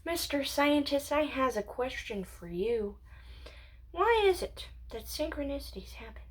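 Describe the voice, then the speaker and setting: Speaking at home by herself, a woman who runs a channel wanders through a philosophical monologue, thinking out loud and slipping into whispers and giggles. Her voice is high and expressive, and she keeps a measured pace.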